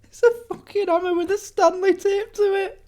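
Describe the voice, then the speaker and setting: A man's voice: very high-pitched, level tone, normal speed, darkish tone, a little hiss or hum. A man from England reacting to a comedy sketch, exclaiming and repeating lines he finds funny. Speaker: reaction video host. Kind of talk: reaction commentary.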